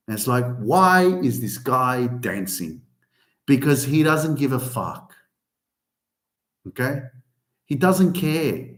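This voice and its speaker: A man's voice: mid-range voice, echoey room. A man hosting a podcast, giving an emphatic motivational rant full of swearing. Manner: animated, heavy swearing, emphatic. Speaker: podcast host.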